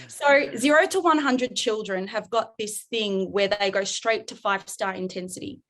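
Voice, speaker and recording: A woman's voice: medium pitch, measured pace. A woman, a parenting coach talking animatedly and acting out scenes on a podcast. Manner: animated, acts out parent and child in role-play. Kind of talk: podcast interview.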